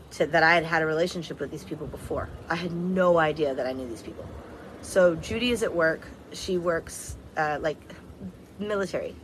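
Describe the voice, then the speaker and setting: Low-voiced blunt woman telling a story. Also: a bit bright, a little hiss or hum, low-quality recording. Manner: blunt and candid, swears freely; rambling, repeats herself. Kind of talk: casual storytime vlog.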